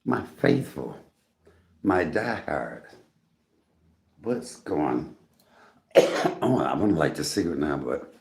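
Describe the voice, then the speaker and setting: A man's voice: a bass voice, vocal fry, darkish tone. A middle-aged man hosting a casual livestream from his home, chatty and greeting viewers by name, coughing often. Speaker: livestream host. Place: home room. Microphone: phone on a tripod.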